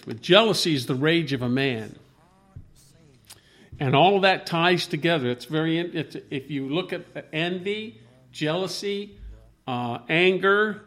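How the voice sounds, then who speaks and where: A man leading an informal Bible discussion, rambling and halting with many restarts as he quotes scripture. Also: on the high side, creaky, a bit bright.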